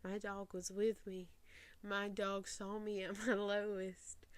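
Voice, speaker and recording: A woman in her twenties speaking slowly and earnestly to camera, her voice close to breaking as she holds back tears. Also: medium pitch, little pitch movement, no echo. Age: 20s. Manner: slow, earnest, voice near breaking. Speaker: faith podcast host. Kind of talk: personal reflective talk to camera. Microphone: facing camera.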